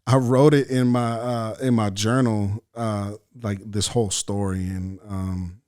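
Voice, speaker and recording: Man, from El Salvador, podcast guest, low-pitched, cursing, animated storytelling. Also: a little slow. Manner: profane, animated storyteller acting out his own thoughts. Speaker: podcast guest, actor and writer. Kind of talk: casual storytelling chat.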